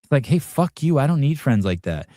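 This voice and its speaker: A man's voice: medium pitch, sing-song, fairly quick, dark tone, no room sound, clean studio sound. A man hosting a show, giving casual reaction commentary in a combative, profane rant aimed at his audience and producer. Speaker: podcast host.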